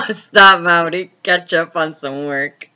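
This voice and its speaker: Hosting a relaxed late-night live stream, a woman reads viewer comments aloud, laughs a lot and spins stories in a chatty way. Her voice is on the low side and sharp in tone, and she draws out her words.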